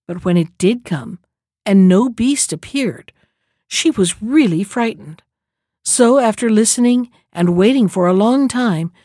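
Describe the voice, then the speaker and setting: A woman's voice: a little high, a little mellow, dry recording. Woman reading a fairy tale, dry and close. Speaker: storyteller.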